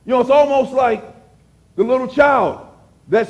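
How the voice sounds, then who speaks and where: A man preaching a sermon as pastor, repeating phrases for emphasis and dropping suddenly to a hush. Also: very high voice, moderate pace, long pauses.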